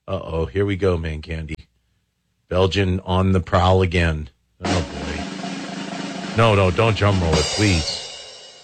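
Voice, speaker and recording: A man's voice: deep voice, steady tone, slow, pauses often. Joking male talk radio host. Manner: jokey, sarcastic, riffing aloud. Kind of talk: casual talk radio chat. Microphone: studio microphone.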